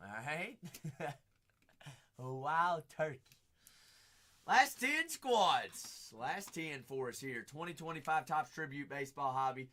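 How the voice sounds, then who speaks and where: A man's voice: mid-range voice, a little slow, pushed and bright. An American man hosting a live card-break stream, hyping the remaining slots and chatting casually with viewers. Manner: upbeat hype, repeating phrases, chatting with viewers. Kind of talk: live-stream sales patter.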